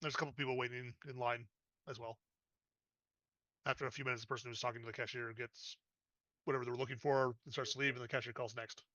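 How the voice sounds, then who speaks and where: A man's voice: medium pitch, flat delivery, fast talker, long pauses, pushed and bright, no room sound, highs cut off. A man narrating as game master of a tabletop game, describing the scene with frequent fillers.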